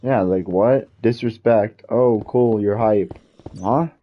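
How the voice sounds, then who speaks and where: A man's voice: lowish voice, slow pace, muffled recording. A man streaming a game while venting in a frustrated, repetitive rant. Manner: frustrated ranting, repetitive, swears mildly. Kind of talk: casual gaming stream rant.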